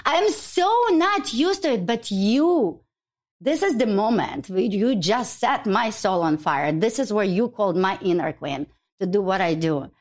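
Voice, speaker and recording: A woman, a guest on a podcast, telling a story quickly and expressively and acting out the dialogue. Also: mid-range voice, lively intonation. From Ukraine. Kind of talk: animated storytelling.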